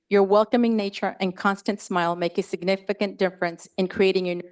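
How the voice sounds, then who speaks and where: A woman presenting staff recognitions at a school board meeting. She speaks at an average pitch into a lectern microphone. She is heartfelt and close to tears. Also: steady tone, a little fast, a little mellow, clear, resonant tone. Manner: heartfelt, gets emotional and laughs between tributes. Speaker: preschool director.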